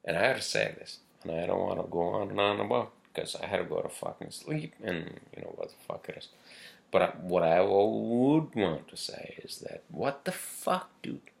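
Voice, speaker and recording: A man's voice: low-pitched, animated, normal speed, gravelly. A man delivering a casual, rambling monologue, swearing constantly and pressing his points with heavy emphasis. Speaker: podcast host.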